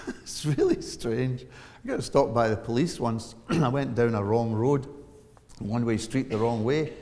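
Scottish pastor, forties, animated storyteller, long church echo. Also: male voice, unhurried. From Scotland. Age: 40s. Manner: storytelling with big swings of pitch and volume. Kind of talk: sermon.

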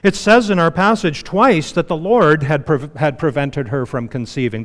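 A male pastor delivers a sermon in a conversational way, sprinkling in "you know" and slipping into a near-hush to stress a point. His voice sits a little high for a man. The sound carries a long reverb, like a big church hall. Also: normal speed. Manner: conversational preaching with frequent you-knows, dropping to a hush for emphasis.

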